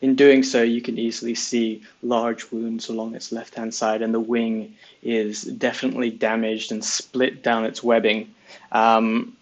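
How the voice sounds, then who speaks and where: A man narrating a tabletop fantasy game as game master, describing scenes in a measured way with pauses. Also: medium pitch, little pitch movement, rough recording.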